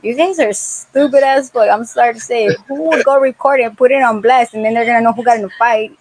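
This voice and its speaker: A woman's voice: fairly high pitch, a little mellow, rough recording. A middle-aged woman chatting bluntly and profanely, laughing as she talks. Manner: fast, blunt, profane, laughs while talking. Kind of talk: casual chat.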